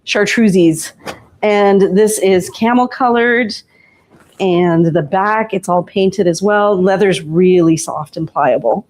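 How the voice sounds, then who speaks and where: Relaxed woman describing handbags. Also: mid-range voice, slow pace. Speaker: co-host showing products. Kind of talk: casual product showcase.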